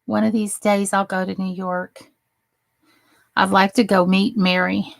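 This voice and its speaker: A woman's voice: medium pitch, level tone, measured pace, creaky, dry recording. A woman from New Jersey hosting a crafting livestream, chatting casually and greeting viewers by name as she works. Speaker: crafting channel host.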